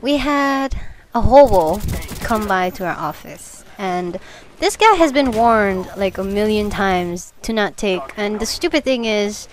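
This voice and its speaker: A woman's voice: medium pitch, animated, unhurried, a little hiss or hum. A young woman chatting casually over gameplay, telling work stories and giggling often. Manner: giggly, laughs through her stories. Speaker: gaming video commentator. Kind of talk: casual gameplay commentary storytelling.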